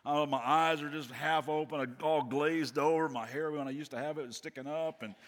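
A middle-aged man preaching a sermon as a guest pastor, telling stories in an animated way with playful asides. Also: a little high, a little fast. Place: church auditorium. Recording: long reverb of a large hall.

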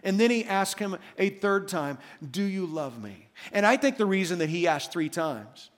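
A man's voice: sits high, animated, moderate pace. A man preaching a sermon as pastor, telling a story and acting out the quoted lines. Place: church hall. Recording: long church hall reverb.

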